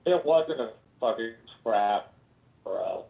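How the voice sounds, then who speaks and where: A man speaks slowly and accusingly, his pitch swinging widely as he mocks his opponent. He sounds distant and echoey, picked up from far off in a roomy space. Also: lively intonation, gravelly, mellow. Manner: accusing, mocking. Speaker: debate participant.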